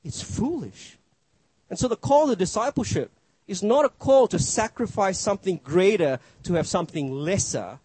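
High, husky-voiced male preacher. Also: animated, normal speed, warm tone, no echo, poor audio. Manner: emphatic, rising and dropping for effect. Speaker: pastor. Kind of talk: sermon.

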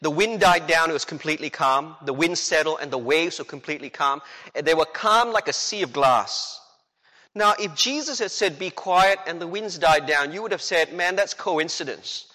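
A man preaching a sermon as a pastor, animated and full of rhetorical questions, acting out the quotes he tells. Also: on the high side. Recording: long hall reverb.

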